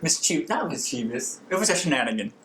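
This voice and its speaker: A man's voice: mid-range voice, big pitch swings, brisk, a crowd in the background. A man from Texas with a Texan accent, co-hosting a podcast in a giggly, campy, rambling casual chat. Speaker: podcast co-host.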